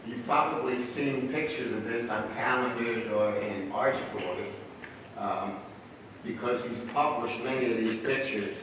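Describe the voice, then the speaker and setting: A man, a church elder, preaching a sermon in a folksy, gently humorous way, sharing stories. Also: medium pitch, unhurried, noisy background. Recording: roomy church hall, distant mic.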